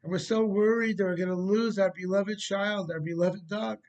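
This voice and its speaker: Brief: a man doing a fretful, halting taxi driver, voice pushed up high. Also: steady tone, a little mellow, highs cut off. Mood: anxious. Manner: pleading, halting. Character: worried Jewish male New York taxi driver.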